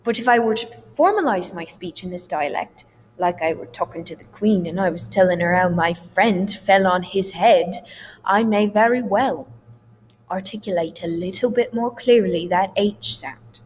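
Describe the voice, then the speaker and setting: A woman's voice: medium pitch, normal speed. A woman theatre teacher giving a recorded dialect lesson, explaining sounds in a patient, reassuring way. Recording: long hall reverb, faint hum.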